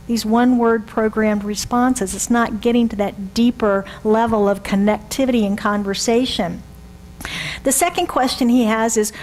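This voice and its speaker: Woman minister in her sixties, higher voice. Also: normal speed, slight background noise, low-quality recording. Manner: conversational, asks the congregation rhetorical questions. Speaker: reverend. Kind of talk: sermon.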